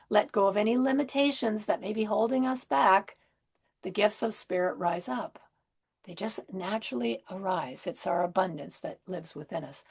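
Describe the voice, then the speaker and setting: A woman minister giving a Christmas sermon in a gentle, conversational way, with soft asides and rhetorical questions. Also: medium pitch, gravelly, breathy edge.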